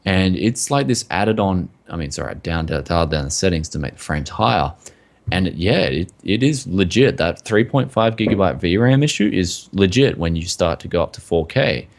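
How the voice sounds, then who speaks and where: A low-pitched man with a rough, gravelly voice, talking casually on a tech podcast. His pitch swings around a lot as he rambles, and his sentences are packed with "like" and "man". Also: lively intonation, moderate pace. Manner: rambling, full of likes and mans. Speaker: podcast co-host.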